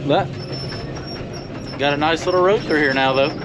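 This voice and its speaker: Plainspoken working man, a bit winded, outdoors at a clearing site; dull camera audio with faint ambience. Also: a little high, normal speed, noisy background. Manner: plainspoken, thinking aloud with fillers. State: out of breath. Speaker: land clearing operator. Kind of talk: casual walk-and-talk vlog.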